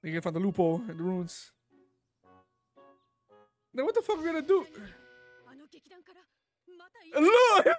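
A channel host giving casual commentary while reacting to an anime, excitable, laughing often and swearing freely. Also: mid-range voice, brisk, faint music behind.

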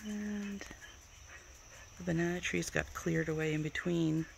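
A woman's voice: lowish voice, fairly even intonation, a little slow, vocal fry, background noise. A woman giving a casual, chatty tour of her home garden outdoors, pointing things out as she walks. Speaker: vlogger showing her garden.

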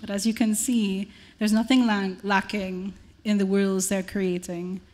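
A woman chairing a literary festival panel, who thanks the readers and asks thoughtful, measured questions. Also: mid-range voice, level tone, a little mellow.

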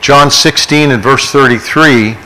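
Earnest middle-aged pastor teaching scripture. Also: male voice, mid-range voice, a little slow, pushed and bright, slight background noise, poor audio. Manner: earnest, conversational preaching with personal stories. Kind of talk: Bible study teaching. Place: church.

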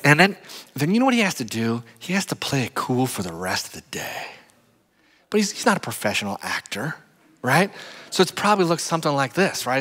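In a church sanctuary with the long reverb of the hall, a male pastor with a medium-pitched voice delivers a lively storytelling sermon. He's animated, acting out stories and engaging the crowd with "right?"

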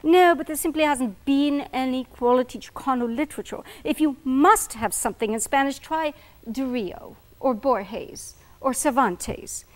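A woman voicing a pompous, distinguished male college professor with an affected British accent, lecturing in a lofty, rapid way. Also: high-pitched. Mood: dismissive.

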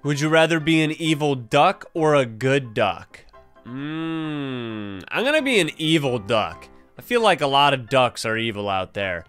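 Hyped young man, smooth voice. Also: mid-range voice, moderate pace, few pauses. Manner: excitable, hype slang, frequent laughter. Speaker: gaming video host. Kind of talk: casual gameplay commentary. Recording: faint background game music.

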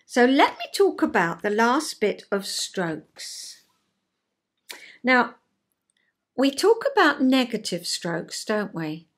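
A woman's voice: on the high side, big pitch swings, takes it slowly, pauses often. An older woman and retired counsellor giving a chatty, homely explanation in her vlog, full of rhetorical questions.

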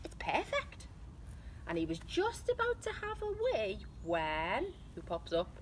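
A British woman, an infant school teacher, reading a picture book aloud to children in a slow, expressive read-aloud manner. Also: medium pitch, a little hiss or hum. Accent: British English.

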